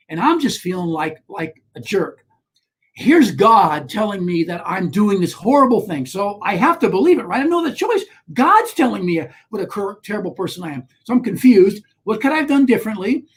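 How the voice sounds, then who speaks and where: Animated man telling a personal story. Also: high voice, husky. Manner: animated, with frequent restarts and rising emphasis. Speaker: guest, author on shame.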